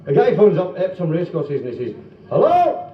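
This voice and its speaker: Scottish comedian on an old live club tape. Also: male voice, fairly high pitch, lively intonation, fast talker. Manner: chatty, acts out stammering characters in jokes. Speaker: stand-up comedian. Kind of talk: live stand-up storytelling. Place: club room before a live audience. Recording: roomy, distant, dull 1970s live tape. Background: audience laughter.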